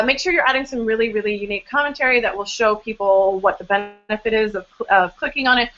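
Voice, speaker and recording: A young woman coaches bloggers during a live online hangout, chatty and upbeat, full of fillers and little self-deprecating jokes. Her voice sits at an everyday middle pitch. The sound is slightly dull and muffled, as on a video call. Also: fairly bright tone. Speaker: blog coach hosting a live Q&A. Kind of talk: casual live webinar advice.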